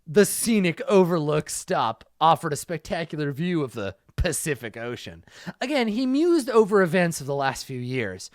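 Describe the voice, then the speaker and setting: Lively man reading a story aloud. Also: fairly high pitch, normal speed, no echo, studio quality. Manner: playful, breaking off to laugh and comment. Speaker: host reading a game book aloud. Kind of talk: comedic dramatic reading.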